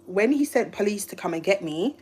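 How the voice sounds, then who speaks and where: A woman's voice: mid-range voice, expressive, fairly quick, mellow, slight background noise. A woman from the UK, a YouTuber, telling a rambling, emotional story on a live stream. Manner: emotional, rambling, restarts often. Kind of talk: casual livestream storytelling.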